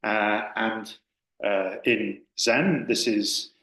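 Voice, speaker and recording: Low-voiced man giving a hesitant dharma talk. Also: very slow, fairly bright tone. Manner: hesitant, with many fillers and restarts. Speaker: Buddhist teacher. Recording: roomy hall echo.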